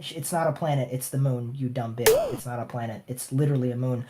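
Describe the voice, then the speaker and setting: A man's voice: medium pitch, wildly swooping pitch, quick pace, hardly any pauses, mellow, a little hiss or hum. Man ranting with sarcastic profanity. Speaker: channel host, reviewer. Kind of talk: ranting commentary video.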